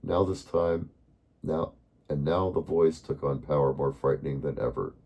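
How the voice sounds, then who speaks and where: Man, bedtime story reader, extremely low voice, dark and husky, calm. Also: normal speed.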